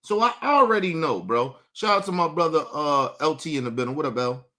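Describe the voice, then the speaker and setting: Speaking a little fast in a fairly high, animated voice that sounds pushed and bright, a livestream host rants into his streaming setup mic. He talks directly to chat in a combative, profane, mocking way.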